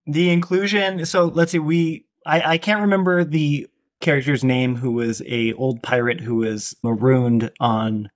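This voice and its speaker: A man's voice: medium pitch, a little slow, hardly any pauses. A man co-hosting a podcast, talking casually about a film and thinking aloud with many restarts. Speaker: podcast co-host.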